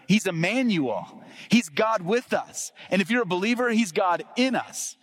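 A man's voice: sits high, animated, normal speed. A middle-aged man preaching a sermon as pastor, emphatic and calling on the congregation to repeat phrases after him.

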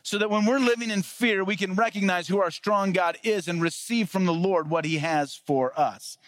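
A male pastor preaching a casual sermon, telling stories and acting out the quoted lines with lively energy. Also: high voice, moderate pace, no room sound. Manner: storytelling with lively acted-out quotes.

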